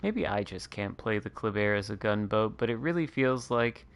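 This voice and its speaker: A man's voice: lowish voice, expressive, moderate pace, clear, resonant tone. A man hosting a gaming livestream, chatting casually and swearing freely. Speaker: streamer host.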